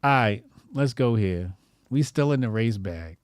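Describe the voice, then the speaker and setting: A male comedian riffs through internet posts in loose slang, swearing freely and breaking into laughter. His voice sits at an ordinary middle pitch. The recording is dry and close. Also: expressive, a little slow, no echo. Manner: profane, laughing, slangy and off-the-cuff. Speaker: comedian host.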